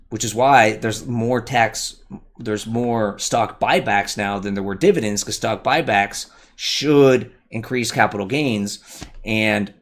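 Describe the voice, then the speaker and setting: A man hosting a solo livestream, explaining a point as he thinks aloud, with frequent asides and restarts. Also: mid-range voice. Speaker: livestream host.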